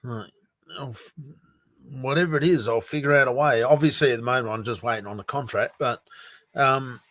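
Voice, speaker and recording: A man's voice: mid-range voice, fairly quick, a bit bright, dry recording. A man chatting casually on a livestream about crypto, frank and rambling, with sighs, laughs and some swearing. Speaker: crypto project founder streaming to his community. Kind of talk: casual livestream chat, reading viewer comments.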